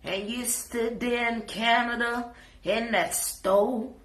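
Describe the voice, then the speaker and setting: A woman's voice: fairly high pitch, fairly even intonation, takes it slowly, a bit bright, reverberant. A woman with a Jamaican accent, scolding and preaching in a sassy live reaction rant. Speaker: social media commentator.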